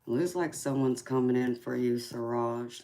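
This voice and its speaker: A woman in her forties with a Southern Georgia drawl, reading tarot cards on a live stream. Her voice sits extremely low and she talks slowly and affectionately, calling viewers sweetheart and pausing on drawn-out ums. A faint hiss sits under the recording. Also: mellow. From California. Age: 40s. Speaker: tarot reader hosting a live chat.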